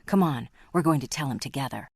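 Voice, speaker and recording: Vengeful young Scotsman, harsh and mocking, read by a deep-voiced woman. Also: lively intonation, fast talker, creaky, breathy edge, dry recording, studio quality, heavily acted. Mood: cocky. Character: vengeful young Scottish man, cold and scheming.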